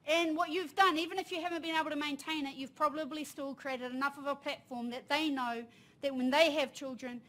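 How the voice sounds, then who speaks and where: A woman with a New Zealand accent, in her thirties or forties, telling a personal story at a conference, lively and laughing, with Māori phrases mixed in. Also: high voice, brisk. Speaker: panel speaker. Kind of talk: storytelling talk. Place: conference room.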